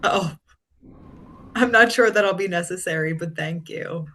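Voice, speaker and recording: Bright, gentle tabletop player. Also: mid-range voice, unhurried, a little hiss or hum. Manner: gentle, modest, reassuring. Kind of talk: tabletop game role-play.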